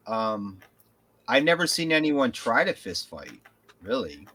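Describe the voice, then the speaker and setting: Animated, bright-voiced man telling stories. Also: medium pitch, unhurried. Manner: rambling, animated storytelling with profanity. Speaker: podcast co-host. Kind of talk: casual chat.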